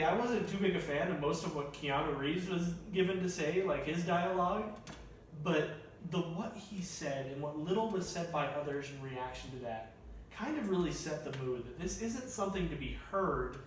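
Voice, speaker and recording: A young man chatting about movies in a casual roundtable review, thoughtful and measured. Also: a little high, lively intonation. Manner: thoughtful, measured, hams up quotes. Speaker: film reviewer. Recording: echoey room, distant mic, faint hiss.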